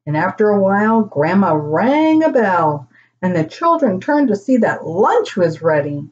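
An older woman reading a children's storybook aloud, animated as she voices the grandchildren and grandparents. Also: a little slow, dull audio. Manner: animated, pitching up for children's lines.

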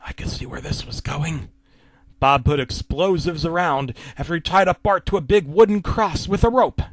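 A man's voice: a little high, moderate pace, vocal fry, dry recording. A man reading a horror story aloud, casual and wry, sometimes dropping to a whisper. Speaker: narrator.

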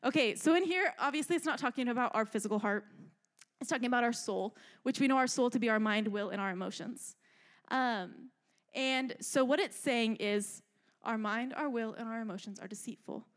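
A young adult woman giving a youth sermon in an animated, chatty way, often checking in with "right?". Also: a little high, a little fast. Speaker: youth speaker.

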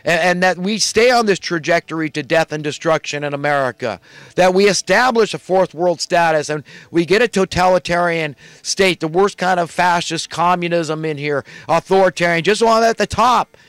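A man's voice: sits high, normal speed, a bit bright, clean tone, no echo. A man putting on the voice of a pompous, self-righteous male politician to mock him. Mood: mocking haughty. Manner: mocking, haughty, raised voice.

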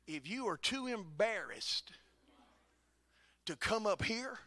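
A man, preaching a sermon as a folksy story with dry humor, rising at times to shouting. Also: high voice, sing-song, slow pace, long pauses, dry recording.

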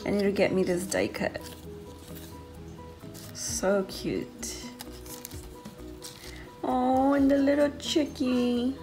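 A woman with a fairly high voice gushes over craft goodies in an easygoing unboxing vlog. She talks slowly and lingers on each word. Music plays clearly behind her. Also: low-quality recording. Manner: gushing, excited, says "so cute" often. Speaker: craft channel host.

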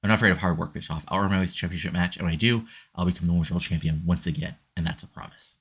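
Guy reading a determined lady wrestler asking for a title shot, low and husky. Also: rapid-fire. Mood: earnest. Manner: earnest, pleading. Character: determined young female wrestler.

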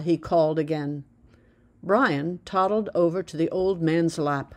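A woman from the US narrates her own memoir as an audiobook. Her voice sits on the low side, and she reads in a measured, plain storytelling manner. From United States. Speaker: author reading her memoir.

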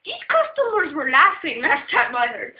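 A young woman casually telling a story, animated, laughing and cursing freely. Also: high-pitched, moderate pace. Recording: echoey, dull lo-fi audio.

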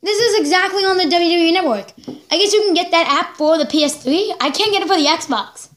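A woman hosting a reaction video, giving excitable live commentary, exclaiming and laughing along as she watches. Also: very high voice, fairly quick.

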